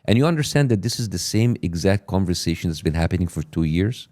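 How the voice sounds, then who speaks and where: Deep, dark-voiced indignant middle-aged man. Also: expressive. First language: Arabic. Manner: deliberate, indignant, building lists of grievances. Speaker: guest on a podcast clip. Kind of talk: pointed interview argument.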